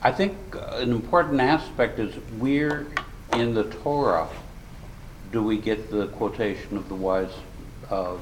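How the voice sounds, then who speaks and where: A man speaking up in a class, slow and deliberate, pausing with small hesitations. His voice sits fairly low, with faint ambience behind it. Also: a little hiss or hum, poor audio. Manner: measured, thoughtful, with hesitations. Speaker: class participant. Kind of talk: question in a class.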